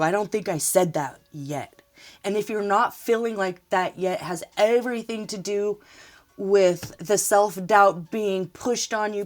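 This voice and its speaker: A woman giving a casual spoken tarot reading, talking in a rambling, emotional way and often laughing. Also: mid-range voice. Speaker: tarot reader.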